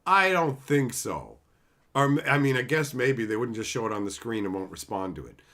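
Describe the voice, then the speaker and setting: A man with a medium-pitched, expressive voice and a sharp tone speaks at normal speed as a livestream host. He rants bluntly and sarcastically, swears a lot, and greets viewers in the chat, giving profane live-stream commentary.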